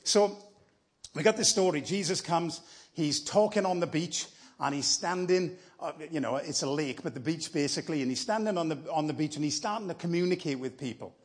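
A man's voice: a little high, brisk. A man preaching as a guest speaker in church, telling a story in a conversational, encouraging way. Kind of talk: sermon.

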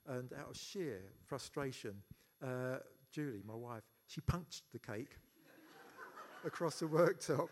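A man giving a funeral eulogy for his sister, telling stories haltingly with many pauses, fillers and restarts. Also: mid-range voice. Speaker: eulogy speaker, brother of the deceased.

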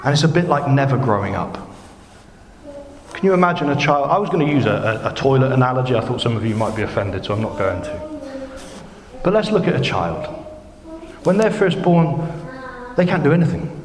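A man's voice: mid-range voice, lively intonation, a little fast, long pauses. A man preaching a sermon, earnest and emphatic, pressing his points with rhetorical questions. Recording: echoey hall with long reverb.

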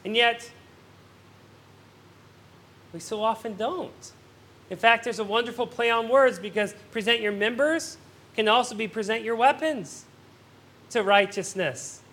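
A male pastor preaching a sermon, earnest, swelling on emphatic questions and dropping soft on somber points, often repeating words as he restarts phrases. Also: very high-pitched, a little slow, pauses often.

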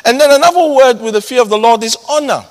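A man preaching a sermon, emphatic, repeating key words and swinging between loud and hushed. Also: extremely high pitch, fast. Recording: long hall reverb.

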